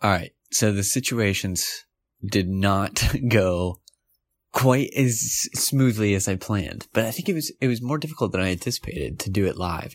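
A man hosting a comedy show, rambling playfully, giggling and correcting himself as he goes. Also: fairly low pitch. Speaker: comedy podcast host.

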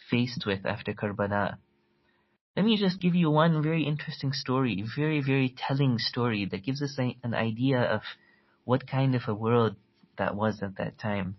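A man giving a storytelling religious lecture, earnest, quickly reciting Arabic quotations between his explanations. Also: mid-range voice, breathy edge, dull audio. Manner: earnest, tells stories, quotes Arabic quickly.

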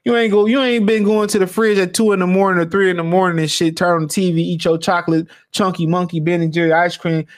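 A man's voice: high voice, quick pace, hardly any pauses. A man hosting a podcast, ranting casually with profanity and frequent laughter. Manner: profane, laughing, animated rant. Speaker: podcast host. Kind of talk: casual commentary.

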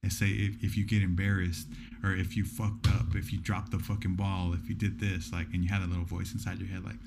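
A man from Orange County, California chatting casually as a podcast co-host, rambling in a relaxed way. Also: deep voice, a little fast, creaky, noisy background. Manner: relaxed, rambling, restarts often. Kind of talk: casual chat.

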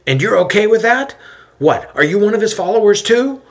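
A man voicing an angry male merchant who shouts indignant accusations in a raised voice. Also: high-pitched, very animated, fairly quick, pitched above the performer's own voice.

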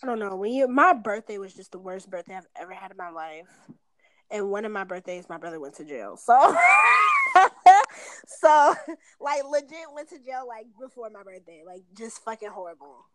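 A woman's voice: medium pitch, expressive, brisk, slight background noise. A woman in her twenties talking on a phone call in a rambling, casual way, swearing often and filling with "like". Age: 20s.

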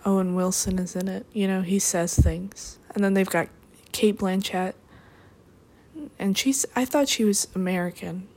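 A young adult woman talking alone in a rambling, deadpan way, drifting between topics with dry asides. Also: mid-range voice, a little slow. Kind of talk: rambling solo monologue.

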